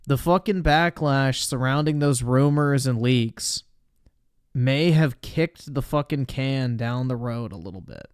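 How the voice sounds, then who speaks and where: A man's voice: mid-range voice, measured pace, smooth, no echo, studio quality. A young man streaming, talking over clips in a crude, mocking way with lots of swearing. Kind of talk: casual commentary.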